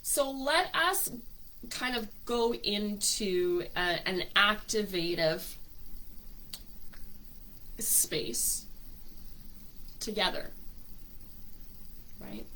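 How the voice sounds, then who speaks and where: Slow, bright-toned woman hosting a workshop. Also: medium pitch, lively intonation, a little hiss or hum, rough recording. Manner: gushing, emotional, greets viewers by name. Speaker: spiritual workshop host. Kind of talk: live-streamed spiritual workshop.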